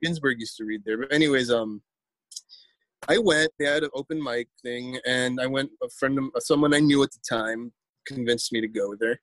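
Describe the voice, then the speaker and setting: A man's voice: mid-range voice, moderate pace, fairly bright tone, no room sound. A man, a poet telling a story in a casual interview, rambling and repeating words as he acts out quotes.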